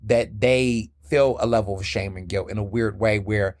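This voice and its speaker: A man's voice: fairly low pitch, fairly even intonation, normal speed, a little mellow, no echo, studio quality. A man in his thirties from the American South, hosting a casual solo podcast. He talks candidly and with energy, and slips into playful voices when he quotes people. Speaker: podcast host.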